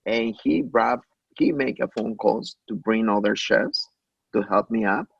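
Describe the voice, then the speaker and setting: Gravelly-voiced Mexican-born man, low and husky. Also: dry recording, muffled recording. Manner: anecdotal, acts out quoted dialogue, halting with many restarts. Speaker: chef, interview guest. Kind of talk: conversational interview.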